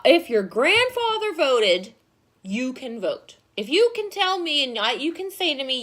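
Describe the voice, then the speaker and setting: Woman teacher, high lively voice, gets loud and fast when excited, laughs a lot. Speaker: history teacher. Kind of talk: recorded classroom lecture.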